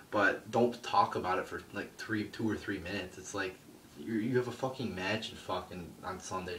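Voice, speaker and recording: A man's voice: sits low, a bit bright. A man reviewing a wrestling show in a crude, swearing, scornful rant. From United States. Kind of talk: profane ranting review. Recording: roomy, distant mic, faint background noise.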